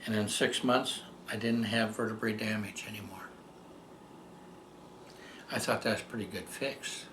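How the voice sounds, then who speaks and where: An older man telling a personal story as a testimonial, rambling and halting, with many fillers and restarts. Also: lowish voice, fairly even intonation, echoey room, background noise. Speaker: patient giving a testimonial. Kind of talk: storytelling tribute.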